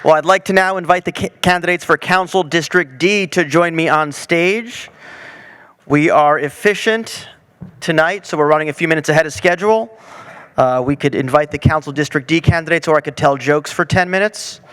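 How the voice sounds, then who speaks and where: A man with a slightly higher voice moderates a candidate forum. He moves things along briskly and drops in the odd light joke as he introduces the candidates and reads out the questions. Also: a bit bright, smooth. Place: large hall, public forum.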